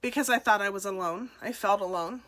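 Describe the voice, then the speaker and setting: Bright-voiced woman telling a painful story. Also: mid-range voice. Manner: emotional, halting, with soft laughs. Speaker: speaker sharing her story. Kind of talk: personal testimonial talk.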